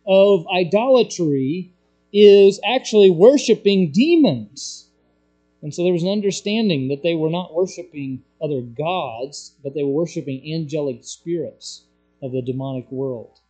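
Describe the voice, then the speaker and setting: A man's voice: sits high, mellow. A man preaching a sermon, reading scripture aloud and explaining it with rising emphasis. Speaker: pastor.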